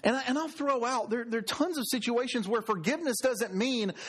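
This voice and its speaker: A man's voice: a little fast, slightly rough. A man, a pastor giving a sermon in a conversational storytelling way, with a fall at the end of his phrases. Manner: conversational storytelling preaching, drops pitch at ends.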